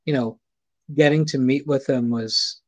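A middle-aged man with a Scottish accent tells a long anecdote in a loose, chatty way. He stumbles, repeats words and circles back as he goes, at a medium pitch. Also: fairly even intonation, measured pace, darkish tone. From Scotland. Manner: rambling, repeats words and restarts often. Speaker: guest, photographer. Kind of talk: casual anecdote storytelling.

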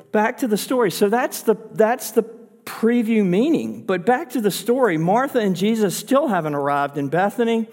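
A man's voice: sits high, a little mellow, long reverb tail. A man pastor preaching a sermon in an earnest, conversational way, pushing his voice up for emphasis.

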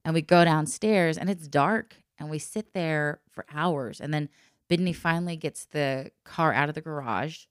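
Low-voiced woman telling a lively story. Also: moderate pace, clean tone, no echo, clean studio sound. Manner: lively, laughing often, acts out quoted voices. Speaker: guest telling a personal story. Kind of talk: casual storytelling.

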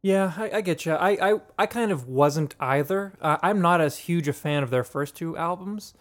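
Guy cohosting a podcast, kinda high voice, jokey, lots of ums and restarts. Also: normal speed. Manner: playful, jokey, with many fillers and restarts. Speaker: podcast co-host. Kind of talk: casual chat reviewing beer and music.

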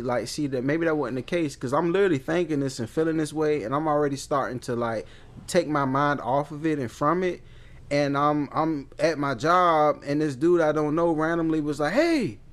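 A man co-hosting a podcast, telling a candid personal story in casual, slangy talk with frequent restarts. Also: on the high side. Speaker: podcast co-host.

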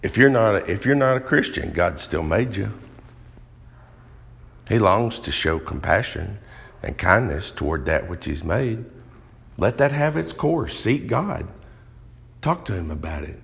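A man's voice: on the low side, lively intonation, measured pace, vocal fry, pauses often, a bit bright. A man preaching a sermon in a church hall, earnest and emphatic, drawing out phrases as he reads scripture.

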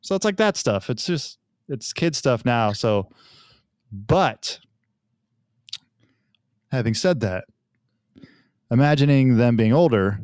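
A man's voice: medium pitch, slow pace, pauses often, clean tone, dry recording, studio quality. A man in his thirties, a father of young children, talking casually and telling family stories, sometimes acting out what others said. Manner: relaxed storytelling, acts out family dialogue. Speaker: podcast guest, father. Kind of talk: casual conversation.

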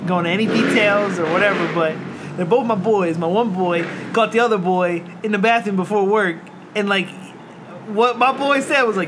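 A man with a high voice, co-hosting a casual podcast. He rambles through crude stories and keeps breaking into laughter. Clear background noise sits under his voice throughout. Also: moderate pace. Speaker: podcast co-host. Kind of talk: casual chat. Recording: noisy room ambience.

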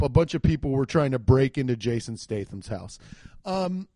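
A man's voice: mid-range voice, darkish tone, no echo, studio quality. A young man giving a profane, exasperated comedic rant reviewing a movie.

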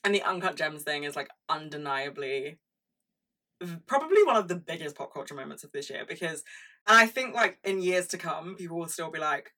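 A woman's voice: on the low side, expressive, fairly quick, sharp tone, recorded from a distance. A young woman hosting a podcast, speaking in a frank, chatty monologue full of "like" and swearing. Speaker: podcast host. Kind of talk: casual monologue on pop culture.

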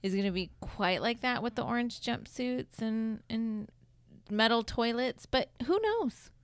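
A woman's voice: a little high, animated, measured pace, smooth, no echo, studio quality. A woman hosting a casual chat, wry and teasing, laughing often as she tells her own anecdote.

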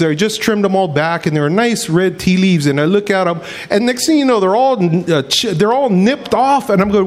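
A man's voice: high-pitched, moderate pace. A pastor telling homespun stories in a casual, folksy sermon, acting out quotes and often saying "man". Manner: animated, acts out quotes in voices.

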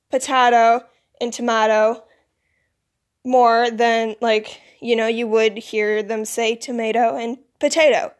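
A teenage girl rambling casually to camera, with plenty of "like" and "you know". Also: fairly high pitch. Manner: filler-heavy, rambling, lots of "like". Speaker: vlogger.

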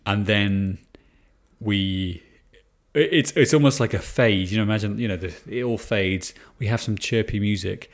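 A man's voice: on the low side, normal speed. A man co-hosting a casual film review chat, rambling with restarts and swearing for emphasis. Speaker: podcast co-host.

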